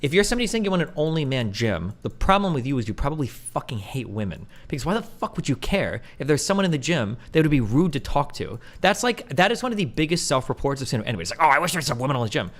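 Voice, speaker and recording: A man's voice: fairly high pitch, sing-song, fast talker, few pauses. A man in his thirties streaming, ranting bluntly and profanely to his chat, mocking others with put-on voices. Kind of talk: livestream rant to chat.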